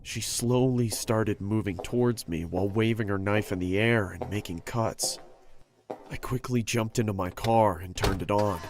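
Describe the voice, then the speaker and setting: A man narrating a first-person horror story in a steady, scripted storytelling manner. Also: fairly low pitch, moderate pace, background noise. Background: music.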